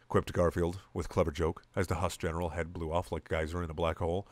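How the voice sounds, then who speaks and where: Low-voiced guy deadpan reading trashy fanfic, dry close sound. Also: quick pace, no room sound. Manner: deadpan, swears at his own slips. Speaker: reader of comedy fan fiction. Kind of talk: mock-serious dramatic reading.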